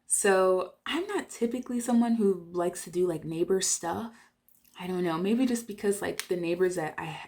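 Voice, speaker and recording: A young woman talks to her camera at home in an easygoing vlog, her voice sitting on the lower side. She rambles loosely, full of "like" and restarts. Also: vocal fry. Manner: chatty, many "like" fillers. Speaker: vlogger. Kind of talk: casual vlog chat. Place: at home indoors.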